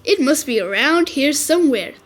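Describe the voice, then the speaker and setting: A woman's voice: sits high, lively intonation, moderate pace, faint music behind. A woman voicing a cheerful, playful young boy comforting his friend in a storybook.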